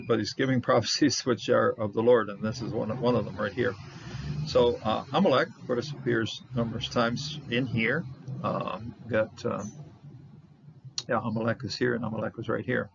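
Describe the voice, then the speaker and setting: A man teaching a Bible word study, halting with many fillers as he sounds out Hebrew words. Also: medium pitch, fairly even intonation, creaky, lo-fi sound, background noise.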